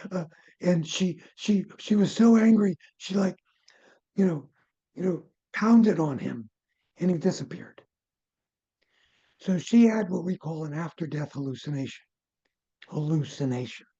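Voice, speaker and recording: An older man, a near-death researcher and former physician, telling case stories as an interview guest, lively at times and dropping to soft low asides. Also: measured pace, pauses often, breathy edge, dull audio. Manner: animated storyteller, drops to soft low asides.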